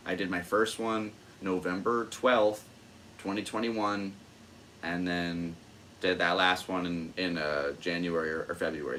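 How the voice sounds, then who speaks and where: A man's voice: low-pitched, a bit bright, slight background noise. A young man and podcast host chatting casually about his stand-up comedy, rambling and full of fillers. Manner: rambling, self-amused, lots of fillers. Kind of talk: casual solo chat.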